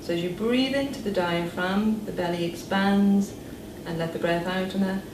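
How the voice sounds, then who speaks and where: A woman voice therapist calmly guiding listeners through breathing and voice exercises in a slow, instructional manner. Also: mid-range voice. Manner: calm, slow instructional guidance. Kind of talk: demonstrating voice exercises. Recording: distant echoey room with background noise.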